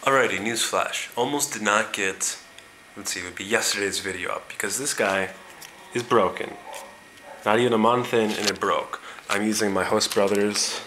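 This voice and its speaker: A man's voice: fairly low pitch, normal speed, bright, forceful tone. Chatty young guy vlogging. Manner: rambling, chatty. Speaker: exchange student vlogger. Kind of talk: casual video diary. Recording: echoey room, faint noise.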